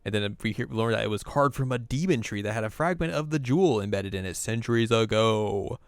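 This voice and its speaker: A man's voice: lowish voice, expressive, fairly quick, clean tone, no room sound. A man co-hosting a podcast, casually recapping an anime episode and slipping into playful voices for the characters. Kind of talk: casual chat.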